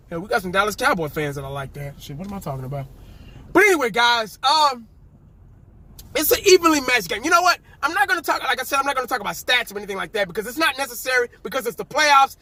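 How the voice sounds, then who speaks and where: A man ranting casually to his viewers as a sports fan, animated and sarcastic, repeating himself and dropping into mock whispers. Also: very high voice, quick pace, no echo. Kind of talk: casual fan rant to camera.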